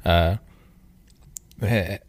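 A man's voice: low voice, steady tone, very slow, no echo. A man in casual conversation who mostly gives short replies and asks follow-up questions. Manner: brief backchannel, asks questions.

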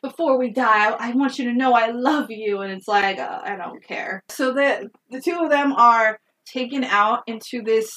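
A woman's voice: a little high, normal speed, few pauses, a bit bright. A woman trades jokes in a casual movie recap, dry and sarcastic, cursing freely and laughing between lines. Her voice sits back from the microphone, a little distant in the mix. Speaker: podcast co-host.

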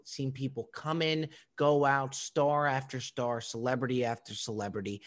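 Guy on a podcast telling a long story, gets loud and excited, swears a lot. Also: medium pitch. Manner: animated, profane storyteller who keeps addressing his co-host. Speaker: podcast co-host. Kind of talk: casual storytelling chat.

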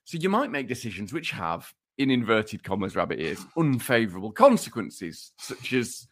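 A podcast co-host with a medium-pitched voice and big pitch swings speaks at a moderate pace. In casual banter, he teasingly reads out research in a mock-lecturing way, laughing as he talks.

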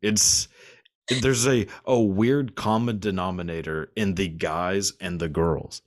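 Deep-voiced man chatting casually. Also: fairly even intonation, slow. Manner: laughing, swearing, rambling with many likes. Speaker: podcast host. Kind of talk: casual chat.

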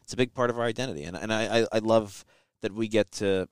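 Male podcast host, low, smooth voice, dry close sound, reflective. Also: fast, no room sound. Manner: thoughtful, reflective, laughs readily. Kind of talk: casual podcast chat.

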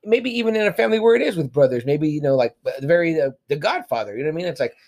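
A man in casual podcast chat, lively and profane. His voice sits a bit high and leaps around as he acts out lines from a story. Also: very fast. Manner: animated, profane, acts out quotes with big pitch jumps. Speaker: podcast co-host.

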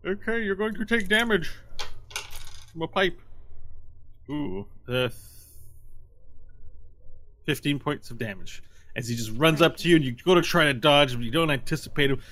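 Bright-voiced man running a tabletop game. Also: on the high side, lively intonation, normal speed, long pauses. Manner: casual, laughing easily, frequent fillers. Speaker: game master.

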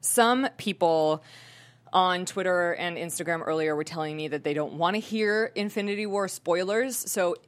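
A young woman with a slightly low voice, hosting a casual movie news show. She chats loosely and giggles often, full of likes and ums. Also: moderate pace. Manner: chatty, giggly, filler-heavy. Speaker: show host. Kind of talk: casual entertainment news chat.

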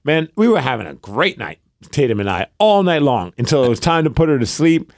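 Chatty self-mocking podcast host, dry sound. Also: male voice, mid-range voice, sing-song, fairly quick, no echo. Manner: rambling, self-deprecating storyteller. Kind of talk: casual chat.

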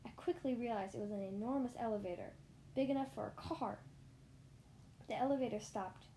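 A woman narrating a children's story in the first person, lively, with small slips and restarts. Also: fairly high pitch, a little fast, a little hiss or hum. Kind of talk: reading a children's story aloud.

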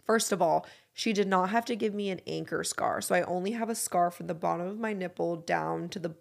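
A woman in her thirties talks on her podcast in a low, gravelly voice with a bit of vocal fry. She is frank and candid and swears casually as she chats. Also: a little fast. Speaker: podcast host.

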